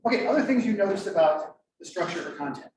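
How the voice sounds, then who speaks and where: A middle-aged man presenting at a conference, lively and joking as he quizzes the audience. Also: high-pitched, fast. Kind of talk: interactive workshop talk. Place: conference room. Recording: echoey room, mic far off, faint noise.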